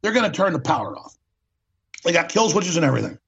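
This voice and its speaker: A man's voice: on the high side, sing-song, fast, vocal fry, a bit bright, slightly rough. A man hosting a talk show, delivering an impassioned political monologue, ranting and repeating words for emphasis, on a dull lo-fi recording.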